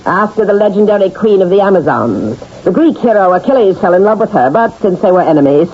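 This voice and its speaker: An actress playing a brisk, impatient woman newspaper managing editor in a vintage radio drama. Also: mid-range voice, lively intonation, breathy edge. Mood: bossy. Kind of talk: 1970s radio drama acting. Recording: dull old radio broadcast.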